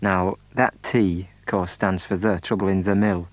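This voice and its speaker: A man speaks in a very low voice, pausing often with ums and uhs as he explains things in a measured way. The sound is close and dry, with no room around it. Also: little pitch movement, no echo. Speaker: speaker describing his home county. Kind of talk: unscripted spoken description.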